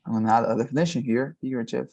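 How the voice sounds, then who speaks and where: A man's voice: medium pitch, gravelly, mellow, dull audio. Patient man tutoring on a video call. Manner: patient, explains slowly with many fillers and restarts. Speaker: English tutor. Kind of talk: one-on-one online lesson.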